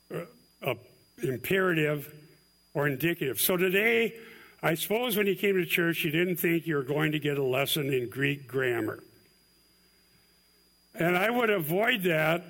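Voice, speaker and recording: A man giving a sermon in a relaxed, explanatory way, like a teacher walking a congregation through a tricky point. His voice sits a little higher than most men's. He slows down to lean on key words and drops in light asides. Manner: conversational, explanatory, self-deprecating asides. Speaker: pastor.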